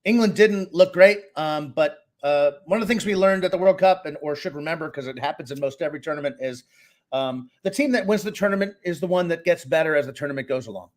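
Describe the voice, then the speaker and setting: A middle-aged man from Boston talks sports on a casual podcast. His voice sits a bit high, and he gives opinionated, animated takes as a co-host. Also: fast.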